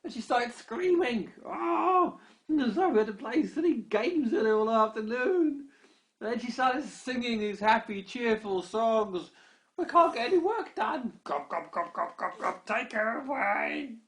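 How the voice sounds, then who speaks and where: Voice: mid-range voice, lively intonation, unhurried, pitched above the performer's own voice. An adult voicing a band of small, frazzled goblins in a bedtime story, pleading and grunting "gob, gob" between complaints. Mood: exasperated.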